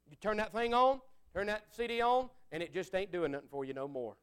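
A man preaching a sermon, folksy and conversational, swinging from fiery outbursts to quiet asides. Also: high-pitched, big pitch swings, brisk, hardly any pauses, smooth.

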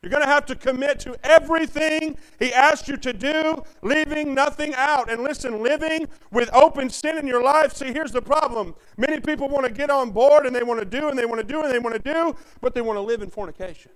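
A man preaching a fervent sermon as pastor, calling out questions to the congregation and swinging between loud and quiet. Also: very high-pitched, a little fast, few pauses, low-quality recording.

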